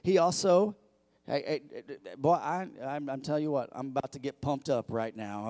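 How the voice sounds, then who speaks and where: Man preaching a lively sermon. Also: medium pitch, moderate pace, no echo, clean studio sound. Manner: lively preaching, swinging from loud peaks to quiet asides; repeats words when building up. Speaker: pastor.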